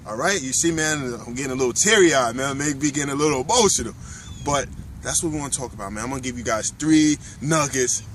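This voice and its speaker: A man's voice: a little high, background noise. A man hosting a motivational talk to camera outdoors, preachy and emphatic, repeating his key lines. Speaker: motivational video host. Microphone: camera mic, filmed by his wife.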